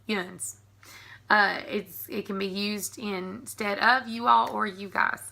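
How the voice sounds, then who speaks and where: At a measured pace, this woman vlogger in her thirties talks through an accent tag video in a Southern American accent, giggling, chatty, and full of ums. Her mid-range voice keeps fairly even intonation, with vocal fry and a sharp tone.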